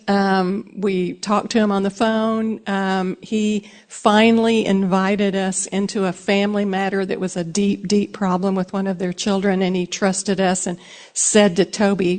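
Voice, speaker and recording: A woman's voice: medium pitch, level tone, unhurried, darkish tone. A woman delivering a sermon, telling personal stories earnestly and speaking directly to her listeners. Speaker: speaker sharing a testimony.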